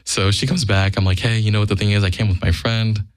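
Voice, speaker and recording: A man's voice: fairly low pitch, fairly even intonation, fast, clear, resonant tone, dry recording, clean studio sound. A man telling a casual, profane anecdote in a blunt way, acting out the quoted lines. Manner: blunt, acts out quoted dialogue. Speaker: guest storyteller.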